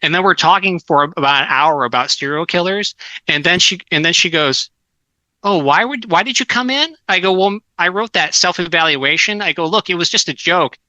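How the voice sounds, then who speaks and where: A middle-aged guest author from Southern California tells casual stories, rambling through anecdotes full of restarts and fillers. His voice is a little high and bright with a forceful edge, and he talks fairly quickly. The recording is low quality but has no echo.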